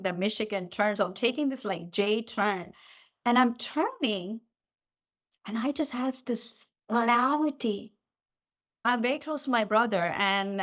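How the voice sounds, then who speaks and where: A woman in her forties, a podcast guest, telling a personal story in a relaxed, animated way and acting out what she said back then. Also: a little high. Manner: animated, acts out her own past lines. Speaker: podcast guest, physical therapist. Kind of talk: casual storytelling in interview. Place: lived in the Midwest.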